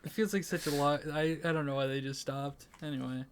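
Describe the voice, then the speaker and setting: Guy on a movie podcast, kinda high voice, excited, swears a bit, trails off. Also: a little fast, a little hiss or hum. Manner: enthusiastic, swears casually, trails off mid-sentence. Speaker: podcast co-host. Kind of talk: casual movie review chat.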